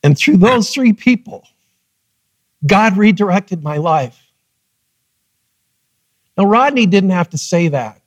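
Pastor guy, pretty high voice, dry close sound, acts out the quotes in his story. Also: slow, long pauses, slightly rough, no room sound. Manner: animated storytelling, acting out quotes. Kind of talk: sermon. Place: church.

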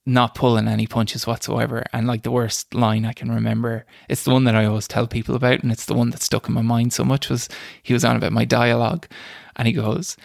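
A man's voice: medium pitch, level tone, a little fast, vocal fry, no echo, studio quality. A young man, a screenwriter and podcast guest, telling self-deprecating stories in a casual chat and laughing as he goes. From Ireland. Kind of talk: casual storytelling interview.

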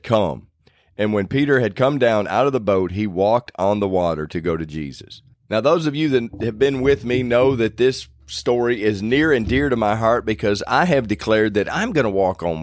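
On a faith podcast, a man with a voice on the low side delivers a relaxed devotional talk, folksy and self-deprecating, wandering a little and starting sentences over. The audio is clean studio quality without any echo.

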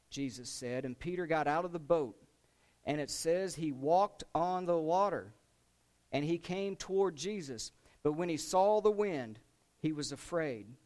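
A man preaching a sermon, retelling a scripture story with lively swings between loud dramatic lines and low, quiet emphasis.

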